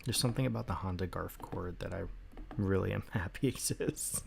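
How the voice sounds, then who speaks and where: Gravelly young man, laughing a lot. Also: deep voice, brisk, background noise. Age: young adult. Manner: laughs often, mumbles while working. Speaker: stream co-host. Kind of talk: casual chat while writing.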